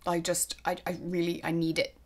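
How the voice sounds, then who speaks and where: A woman's voice: on the low side, completely flat delivery, normal speed. A young Irish woman chatting casually to camera as a vlogger, gushing and now and then dropping to a whisper. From Ireland.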